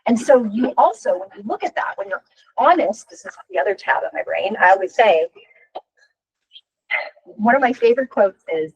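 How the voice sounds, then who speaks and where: A woman's voice: a little high, normal speed, vocal fry, long pauses, husky, poor audio. A woman in her fifties coaching a workshop, talking frankly and chattily and often tossing in a rhetorical "right?". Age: 50s. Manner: frank and animated. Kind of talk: workshop talk.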